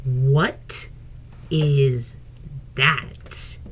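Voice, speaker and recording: A woman voicing a blunt, excitable little boy. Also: on the low side, brisk, breathy edge, full character voice. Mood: wide-eyed. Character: hyper little boy, wide-eyed and blunt.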